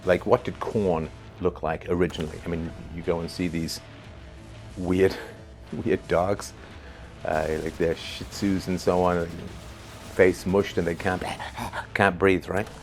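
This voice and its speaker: A low-voiced man rambles through his thoughts in a relaxed, conversational way, tagging his points with "right?" and chuckling now and then. Soft music plays quietly under his voice. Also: normal speed. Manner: conversational and musing, with many fillers and rhetorical "right?". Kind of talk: unscripted spoken commentary.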